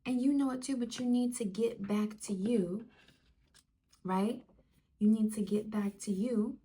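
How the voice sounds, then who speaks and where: A woman reading oracle cards as a channeled spiritual message, talking softly and repeating key words, with occasional bursts of excitement. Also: medium pitch, normal speed, husky. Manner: soft, affirming, repeats phrases, bursts of excitement. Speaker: spiritual card reader.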